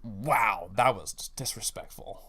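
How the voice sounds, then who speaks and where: A man's voice: lowish voice, unhurried, very noisy. A man co-hosting a comedy podcast, playful and mock-dramatic in casual chat. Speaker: podcast co-host.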